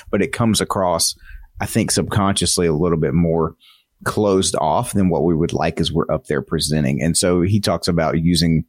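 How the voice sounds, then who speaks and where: A man's voice: sits low, no room sound, studio quality. A man who works in student ministry, talking earnestly and thoughtfully on a podcast. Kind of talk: casual podcast conversation.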